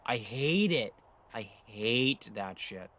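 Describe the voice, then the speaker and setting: Streaming a game, this American man talks in a mid-range, fairly bright voice that is animated yet slow. He rants profanely and works himself into a lather during the casual chat.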